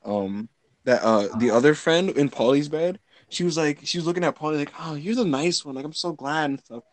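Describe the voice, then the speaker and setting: A young man hosting a casual chat, recapping a story in an animated way, full of "like" and bursts of laughter. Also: on the high side, brisk. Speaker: podcast host.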